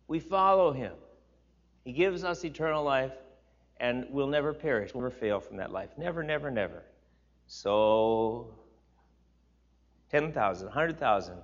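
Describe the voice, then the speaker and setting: An older man teaching a Bible class, reading scripture aloud and repeating words for emphasis. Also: mid-range voice. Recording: slightly dull lo-fi recording.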